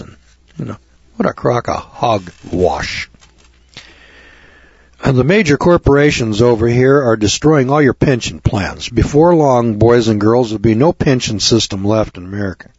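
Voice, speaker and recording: Husky ranting talk radio host. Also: male voice, on the low side, animated, normal speed, darkish tone, no room sound. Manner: ranting, rhetorical questions to listeners; sarcastic, addresses audience as kids. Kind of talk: radio monologue. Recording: dull lo-fi radio broadcast.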